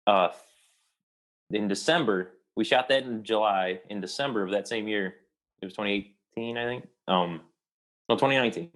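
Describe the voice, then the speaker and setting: A man's voice: on the low side, moderate pace, a bit bright. A young adult man, an actor, telling a long personal story in a casual interview and rambling with many restarts.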